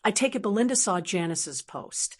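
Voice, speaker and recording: A woman in her sixties telling a first-person story in a steady, measured scripted narration. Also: mid-range voice. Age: 60s.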